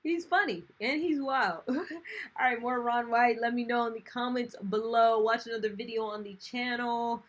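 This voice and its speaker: A woman's voice: a little high, normal speed. A woman hosting a reaction video who laughs hard between her casual remarks. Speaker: YouTube reaction host.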